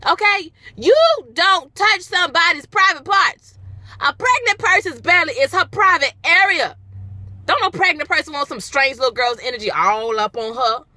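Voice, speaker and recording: A woman's voice: high voice, moderate pace, pushed and bright, no room sound. A young woman vlogging casually to a handheld phone camera, telling a story with dramatic, emphatic repetition.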